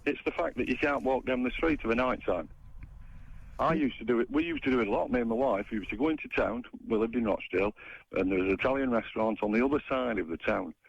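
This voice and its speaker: A man's voice: mid-range voice, fast talker, vocal fry, husky. An older man, calling in to a radio show and telling a long, rambling story. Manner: rambling, animated retelling. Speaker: caller. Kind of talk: phone-in storytelling. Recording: muffled lo-fi phone line.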